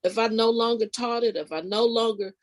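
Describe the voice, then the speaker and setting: A woman guesting on a podcast as a spiritual life coach, telling a personal story casually and expressively, her voice leaping high at the big moments. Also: a little fast, low-quality recording. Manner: animated, expressive retelling with sudden pitch leaps; casual, informal phrasing with restarts.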